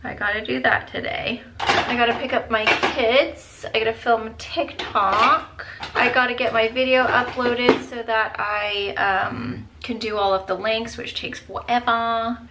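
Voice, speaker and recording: Over heavy background noise, a beauty vlogger in her thirties chats to viewers while applying makeup, tired and with a headache. She speaks a little slowly in a fairly high-pitched, steady voice, full of "like" and "you guys."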